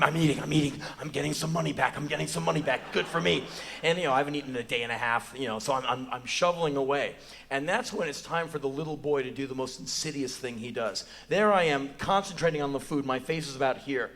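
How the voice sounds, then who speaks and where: Profane, animated American man on stage. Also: a little hiss or hum. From United States. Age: 40s. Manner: animated, profane, acts out quotes in a high voice. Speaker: spoken word performer. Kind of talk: live spoken word storytelling. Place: theater stage before an audience.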